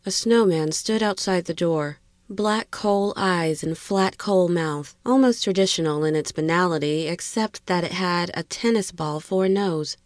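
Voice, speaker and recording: A woman narrating a horror story in a measured, steady reading. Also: lowish voice, dry recording, clean studio sound.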